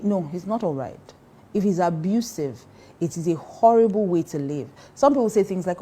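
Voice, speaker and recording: A woman giving emphatic, animated relationship advice and laughing often. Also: fairly low pitch, moderate pace, slightly rough. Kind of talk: casual advice talk.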